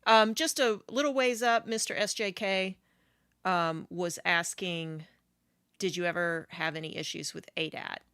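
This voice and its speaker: Smooth-voiced woman hesitantly reading chat. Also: on the low side, fairly even intonation, a little slow, a bit bright, no echo, studio quality. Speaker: co-host reading viewer chat. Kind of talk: casual livestream chat.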